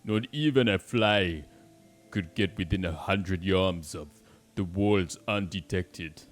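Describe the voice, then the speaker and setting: A gruff, tough-talking game warrior, put on by a British man in a heavy mock action-hero accent. He lays out the danger slowly and deliberately, one weighty phrase at a time, from a voice sitting a little on the low side. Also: faint music behind. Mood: stern. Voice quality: heavy, halting foreign-accent attempt. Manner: slow, deliberate reading of game dialogue.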